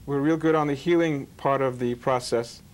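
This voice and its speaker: A man's voice: mid-range voice, fairly even intonation, normal speed. A man who is a rabbi hosting an interview show, telling jokes and parables in a folksy, sermon-like way. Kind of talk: sermon-like storytelling monologue.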